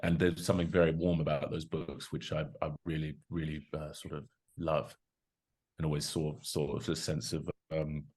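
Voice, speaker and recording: A man with a very deep voice talks as a podcast guest. He is enthusiastic and a little rambling, piling up fillers as he thinks aloud. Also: little pitch movement, normal speed, darkish tone, husky. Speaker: guest, rugby prop forward. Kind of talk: casual podcast chat.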